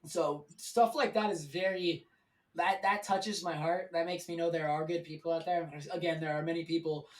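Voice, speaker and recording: A man's voice: on the high side, steady tone, moderate pace, recorded from a distance, poor audio. A man speaking as a guest on a live stream, telling his story in a candid, rambling way with plenty of swearing.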